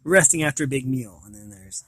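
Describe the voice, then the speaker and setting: A man's voice: mid-range voice, expressive, a little fast, a bit bright, dry recording. A man reading a children's picture book aloud, stopping to describe the pictures and restarting words. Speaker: reader of children's books.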